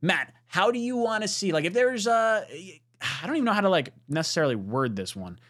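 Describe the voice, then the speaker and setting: A man hosting a casual sports talk show, his pitch swinging up and down as he gets excited. He reads viewer messages, jokes, and swears casually. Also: a little fast. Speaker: podcast host reading super chats.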